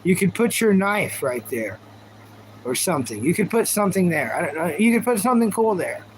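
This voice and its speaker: High-voiced rambling man streaming live. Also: sing-song, fairly quick, slight background noise, low-quality recording. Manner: goofy, rambling, talks to chat. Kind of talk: casual live-stream chat.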